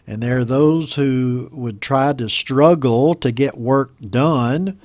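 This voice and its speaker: American guy teaching english, slow and patient, repeats words, dry close sound. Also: mid-range voice, a little mellow, dry recording. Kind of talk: reading a news story aloud and explaining words.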